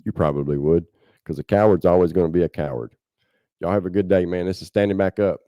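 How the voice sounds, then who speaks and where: A man's voice: deep voice, fast talker, warm tone, no room sound, clean studio sound. A man with a Southern American accent hosting a podcast, talking bluntly and with passion in casual livestream commentary, often tacking "man" onto his sentences. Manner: impassioned, blunt, keeps saying "man". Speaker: podcast host.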